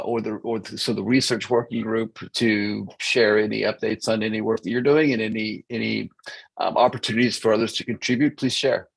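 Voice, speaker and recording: A man's voice: mid-range voice, creaky, poor audio. A man hosting an online meeting on a video call, talking casually with many hesitations and restarts. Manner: hesitant, filler-heavy, restarts. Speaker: meeting host.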